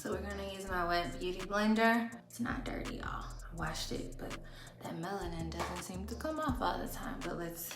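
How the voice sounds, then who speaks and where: A woman in her thirties with a lilt, chatting casually to viewers as she does her makeup. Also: lowish voice. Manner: chatty, talks while doing makeup. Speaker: beauty vlogger. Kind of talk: casual get-ready-with-me chat. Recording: roomy echo with music behind.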